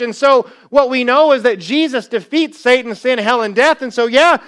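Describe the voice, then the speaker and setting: A man's voice: extremely high pitch, expressive, a little fast, hardly any pauses, fairly bright tone, clear, resonant tone. A male pastor preaching a sermon, telling the story with energy and acting out the quoted lines in a casual, conversational way.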